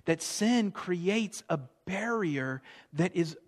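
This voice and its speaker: A man's voice: high voice, lively intonation, takes it slowly. A middle-aged man preaching a sermon to his audience, with a conversational manner and frequent questions to them. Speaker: pastor. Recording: long reverb of a large hall.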